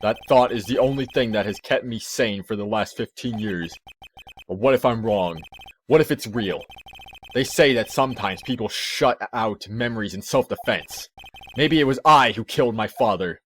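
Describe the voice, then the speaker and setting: A man voicing a haunted, brooding young male prosecutor in a video game, low and grave. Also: normal speed, a bit bright, a little hiss or hum, close to an everyday voice.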